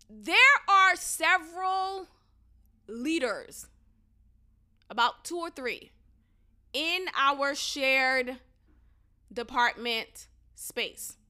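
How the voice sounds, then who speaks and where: A woman's voice: sits high, pushed and bright. A young adult woman hosting a podcast, venting in an exasperated, emphatic way and swearing freely. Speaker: podcast host. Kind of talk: casual venting monologue.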